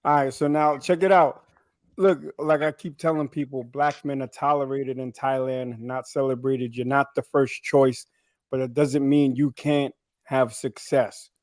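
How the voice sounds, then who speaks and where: A man's voice: medium pitch, fairly even intonation, measured pace, no echo, clean studio sound. A man on a podcast panel telling blunt stories from life abroad in casual talk, often asking "you know what I'm saying".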